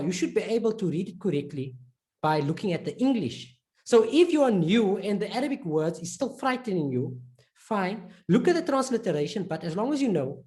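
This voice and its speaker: A man teaching a recorded lesson, patiently repeating example words slowly and drawn out, with casual "right?" and "okay" check-ins. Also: high-pitched, a little mellow. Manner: informal, fillers like "right?" and "okay".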